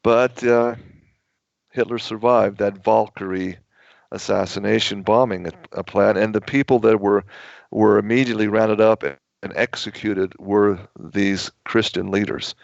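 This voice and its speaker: A man with a gravelly, fry-edged voice tells long, emphatic stories as a radio guest. His delivery rambles forward with plenty of push. The sound is dry and a bit dull and lo-fi, like an older broadcast feed. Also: on the low side, fairly even intonation, measured pace, no room sound. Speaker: author guest on a radio show. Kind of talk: radio talk show storytelling.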